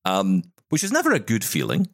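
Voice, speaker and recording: Guy co-hosting, low voice that swings up and down a lot, jokey and self-deprecating, bit of a headache. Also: wildly swooping pitch, a little fast, a bit bright, no room sound, clean studio sound. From Scotland. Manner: joking, self-mocking banter. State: has a lingering headache. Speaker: podcast co-host. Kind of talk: casual chat.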